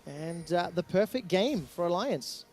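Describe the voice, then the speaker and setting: A man's voice: high-pitched, animated, measured pace, a little mellow, faint music behind. A man casting a video game match play by play, full of teasing banter with his co-caster. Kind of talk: esports play-by-play commentary.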